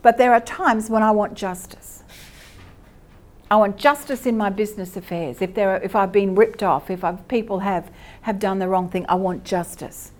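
A middle-aged Australian woman giving a lively, conversational church teaching and asking her listeners questions. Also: mid-range voice, normal speed. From Queensland, Australia. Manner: lively, asks the audience questions.

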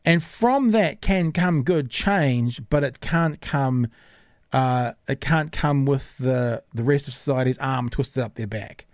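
A man's voice: medium pitch, slow pace, no echo, clean studio sound. A man hosting a casual podcast, making his case earnestly and thinking aloud. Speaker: podcast host.

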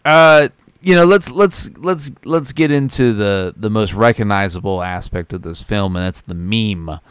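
A man's voice: on the low side, moderate pace, clean tone, dry recording, studio quality. A man co-hosting a movie podcast, rambling in casual review chat with frequent restarts and swearing. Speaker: podcast co-host.

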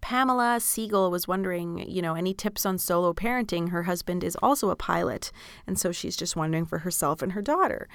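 A woman's voice: fairly low pitch, a little fast, vocal fry, smooth, dry recording. A tired woman in her thirties hosting a podcast and answering listener questions in a padded studio, chatty and frank, swearing freely and laughing often. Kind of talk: candid casual chat. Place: small padded studio room.

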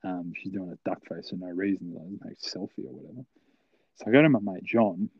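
A man's voice: deep voice, a little fast, breathy edge, no echo, lo-fi sound. A young man telling a long story, rambling and swearing, full of fillers. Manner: rambling, profane, filler-heavy. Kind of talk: casual storytelling.

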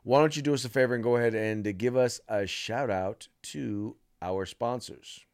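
A man's voice: mid-range voice, moderate pace, darkish tone, smooth, no echo, clean studio sound. A man co-hosting a casual political talk podcast, who laughs often and repeats himself. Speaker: podcast co-host.

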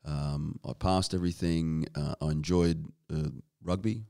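Man, Australian accent, very low pitch, gravelly, halting casual interview talk with restarts. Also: fairly even intonation, warm tone. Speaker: guest, strength and conditioning coach.

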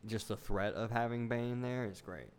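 A man's voice: medium pitch, moderate pace, slight background noise. A man co-hosting a casual comedy podcast, joking crudely and laughing often, recorded on a phone. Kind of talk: casual chat.

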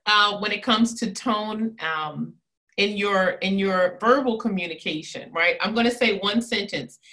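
In a relaxed interview, a body language and communication coach for women speaks emphatically and with lots of animation, laughing frequently. Her voice is mid-range and her pace is measured.

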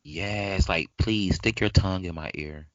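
A man's voice: low voice, a little slow, fairly bright tone, dry recording, highs cut off. A man co-hosting a podcast, talking bluntly in casual chat full of slang.

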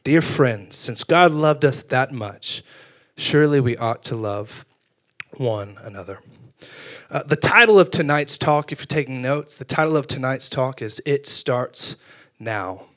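A young man preaching a sermon, telling funny stories about himself with lively energy. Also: medium pitch, unhurried. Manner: animated storytelling with self-deprecating humor. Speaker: youth pastor.

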